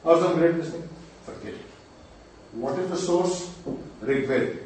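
High-voiced man teaching in an echoey hall. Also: a little mellow, a little hiss or hum. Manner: emphatic, quizzing listeners, chants mantras slowly. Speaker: mantra teacher. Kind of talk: teaching a group. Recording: echoey room, distant mic.

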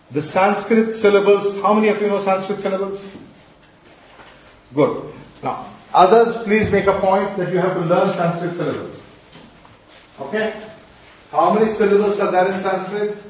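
A middle-aged man teaching a class, quizzing the students, answering his own questions and scolding them playfully. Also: sits high. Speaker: Sanskrit and mantra teacher. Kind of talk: classroom lecture. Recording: echoey room from far off.

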